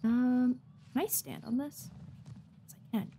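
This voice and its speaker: A woman's voice: high voice, fairly even intonation, unhurried, vocal fry, warm tone, a little hiss or hum. A woman streamer giving casual, chatty commentary as she plays, talking to herself and giggling often. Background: game music.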